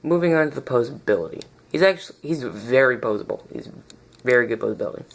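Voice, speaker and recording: A man's voice: medium pitch, expressive, fast, vocal fry. A man giving a casual, rambling toy review recorded on a phone, often stopping to search for the right word and restarting his sentences.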